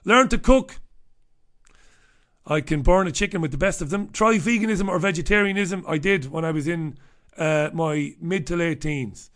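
Guy on the radio, middle-aged, bright kinda high voice, rambly and cheeky, swears a lot. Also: normal speed. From Ireland. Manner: rambling, irreverent, swears freely. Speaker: radio host. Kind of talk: casual comic monologue.

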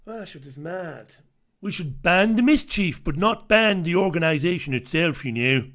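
A man runs a casual talk radio monologue, his voice sitting a little higher than most men's. He is sardonic and offhand and chuckles between asides. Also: lively intonation, normal speed, a bit bright. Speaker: radio show host.

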